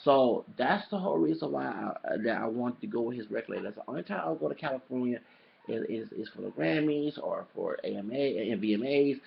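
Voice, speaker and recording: A man's voice: mid-range voice, gravelly. A man talking casually to camera in a rambling, emphatic monologue, often repeating his phrases. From El Paso, Texas. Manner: rambling, emphatic, repeats "you know what I'm saying". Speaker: vlogger. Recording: dull lo-fi home video audio.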